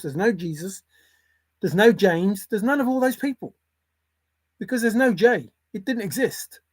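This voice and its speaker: Older livestream host, rambling, irreverent, very lively pitch, dry close sound. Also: no echo. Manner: rambling, irreverent, swears casually. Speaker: livestream host reading chat. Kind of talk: casual rambling livestream chat.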